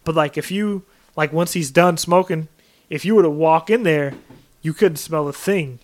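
A man co-hosting a podcast, chatting in a relaxed way with lots of "like" fillers. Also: a little high, normal speed. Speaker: podcast co-host. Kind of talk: casual chat.

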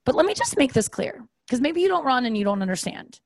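A woman's voice: high-pitched, big pitch swings, quick pace, gravelly, dry recording. A woman hosting a podcast, talking in a candid, profane, rambling monologue. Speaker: podcast host.

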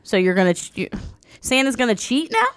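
A woman's voice: on the high side, sing-song, a little fast. Giggly young woman podcast co-host. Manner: teasing, giggly, reads horoscopes aloud. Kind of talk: crude comedic casual chat.

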